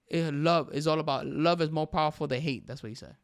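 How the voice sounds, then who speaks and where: Animated young man podcasting, smooth voice. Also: a little high, fairly quick, few pauses, dry recording, studio quality. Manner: animated, emphatic, says "bro" often. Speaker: podcast host. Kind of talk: casual solo podcast commentary.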